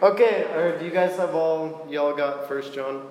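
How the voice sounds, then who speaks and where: A young man as a youth pastor, preaching casually, out of breath and worn from yelling, reading scripture and praying. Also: fairly high pitch, unhurried, crowd noise. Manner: casual, chatty and excitable. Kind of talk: casual sermon with Bible reading and prayer. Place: church meeting hall. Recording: roomy hall with long reverb, faint noise.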